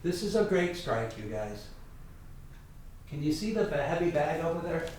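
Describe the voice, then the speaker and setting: A man's voice: a little high, sing-song, moderate pace, darkish tone. Echoey distant man teaching tai chi. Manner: chatty, self-correcting, demonstrating moves. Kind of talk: teaching a class over video. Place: training room with heavy bag. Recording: very echoey room, distant mic, faint hiss.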